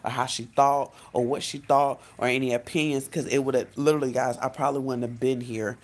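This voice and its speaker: A woman life coach talking straight to her viewers in a casual vlog, chatty and animated, often saying "literally" and "y'all". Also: rumbling low, fairly quick. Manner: frequent "literally" and self-corrections.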